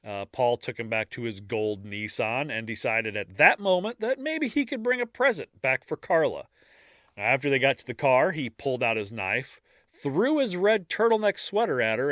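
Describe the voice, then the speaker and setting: A man co-hosting a podcast, narrating a case in a casual true-crime style and breaking off for dark jokes. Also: medium pitch, dry recording, clean studio sound.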